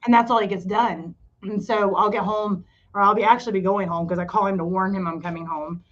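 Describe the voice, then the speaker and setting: A woman's voice: medium pitch, steady tone, fairly quick. Chatty middle-aged woman, slightly dull recording. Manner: chatty, rambling, self-deprecating. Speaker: podcast co-host and cafe owner. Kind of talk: casual chat.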